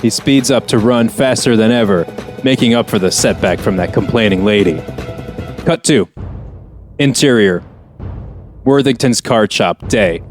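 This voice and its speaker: A man co-hosting a podcast, narrating a comedy script he wrote and defending it with an earnest, laughing manner. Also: on the low side. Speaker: podcast co-host and script writer. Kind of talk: narrating a script and casual chat.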